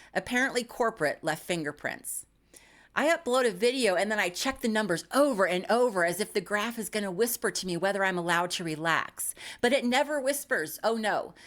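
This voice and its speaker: A woman's voice: mid-range voice, a bit bright. Wry woman in her fifties, self-mocking. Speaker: YouTube creator. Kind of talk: scripted comedic monologue.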